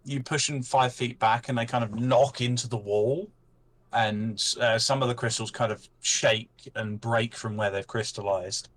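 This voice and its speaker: A man's voice: mid-range voice, normal speed. Man running a tabletop game. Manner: calm, checks rules aloud. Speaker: game master.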